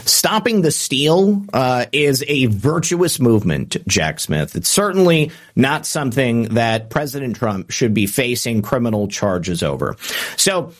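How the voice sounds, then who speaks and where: A man's voice: mid-range voice, big pitch swings, measured pace. A man hosting a political commentary show, reading out quotes and adding sarcastic remarks with frequent "uh" fillers. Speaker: political commentary podcast host.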